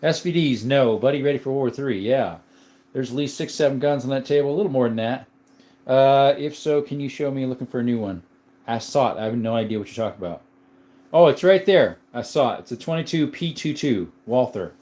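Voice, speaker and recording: A man's voice: medium pitch, a little fast, mellow. A man hosting a live stream, chatting casually, greeting viewers by name and laughing often. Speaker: livestream host. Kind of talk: casual live chat reading comments.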